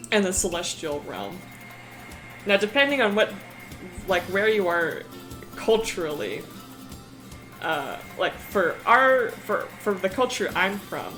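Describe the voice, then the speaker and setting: A woman's voice: mid-range voice, fairly bright tone. A woman streaming casually, rambling about her worldbuilding with frequent laughter and swearing.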